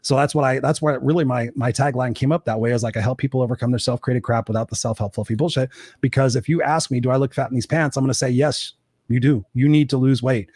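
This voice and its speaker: A man talks at a rapid clip with a blunt, unfiltered streak, cursing casually as he tells stories. He is an executive coach being interviewed. His voice sits close and dry, with no room sound around it. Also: mid-range voice, slightly rough, no room sound. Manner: blunt, swears freely, animated storyteller. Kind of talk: candid interview talk.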